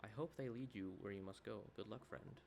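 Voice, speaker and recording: A gentle AI companion program, put on by a man, earnest and sweet in a put-on accent. The voice sits fairly low, with a faint hiss behind it. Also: fairly quick, gravelly.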